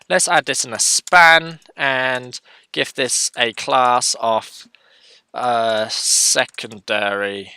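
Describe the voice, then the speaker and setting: A man's voice: medium pitch, pushed and bright. A man hosting a casual coding tutorial, talking through his screen as he works and correcting himself as he goes. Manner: thinks aloud, self-correcting, chatty.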